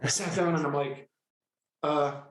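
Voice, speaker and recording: A middle-aged man telling a personal story with excitable, animated energy, often breaking into quoted dialogue. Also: mid-range voice, moderate pace, a little hiss or hum. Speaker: guest, healer. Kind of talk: storytelling in a conversational interview. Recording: echoey room.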